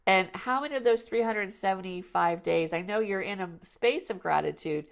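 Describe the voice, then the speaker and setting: A woman's voice: medium pitch, normal speed, gravelly. A woman hosting a podcast, chatting casually and telling rambling stories with frequent restarts and "you know"s. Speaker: podcast host. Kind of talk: casual conversational chat.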